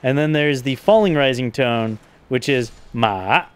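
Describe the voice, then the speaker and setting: A man co-hosting a relaxed gaming chat. His voice sits at an ordinary middle pitch, and he talks with a teasing, patient manner, often breaking into laughter. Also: moderate pace, clear, resonant tone. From California. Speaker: co-host.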